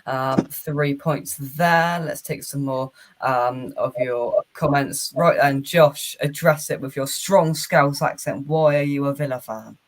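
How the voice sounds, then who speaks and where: A man hosting a laid-back football talk show, speaking at an everyday middle pitch. His analysis is frank and weary, full of ums and restarted phrases. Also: slow pace, hardly any pauses. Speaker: host. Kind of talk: casual football chat.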